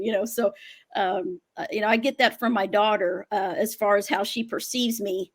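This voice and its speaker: A woman's voice: on the high side, normal speed. A woman astrologer and mother chatting casually on a video call panel, full of "you know" and agreeable asides.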